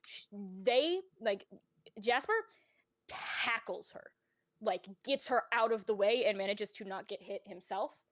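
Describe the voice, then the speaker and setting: A woman's voice: mid-range voice, measured pace, no room sound. Woman game master, casual and dry-sounding. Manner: casual and swearing, with lots of fillers. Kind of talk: narrating a tabletop game.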